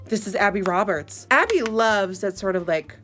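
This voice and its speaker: A woman hosting a makeup challenge video, chatting casually and reading out steps with animated, exclaiming commentary. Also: medium pitch, moderate pace, faint music behind. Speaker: beauty video host.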